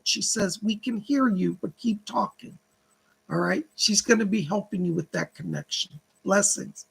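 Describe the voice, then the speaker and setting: A man's voice: high voice, creaky, bright, forceful tone, slightly rough. A man hosting a live psychic reading stream, reading viewer donations and relaying spirit messages in long chains of "she said". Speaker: psychic medium host.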